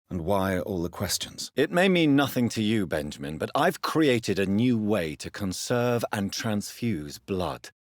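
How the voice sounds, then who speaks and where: An actor playing a grave young male vampire doctor in a game, speaking in a measured, calm and probing way. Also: low-pitched, no room sound, clean studio sound, heavily acted. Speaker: video game character. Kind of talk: game voice lines.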